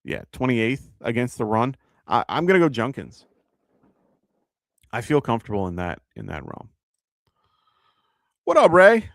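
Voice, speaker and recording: Reading viewer questions on his live fantasy football show, this New York–accented host thinks aloud casually, filling gaps with fillers. His fairly low voice has a sing-song lilt and vocal fry at a moderate pace, recorded studio-clean with no room sound.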